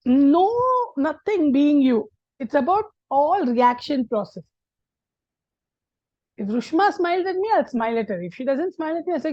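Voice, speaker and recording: A middle-aged woman with an Indian English accent telling her life story as a guest, animated and acting out the people she quotes. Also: high voice, normal speed, pauses often, no echo, muffled recording. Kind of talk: personal storytelling.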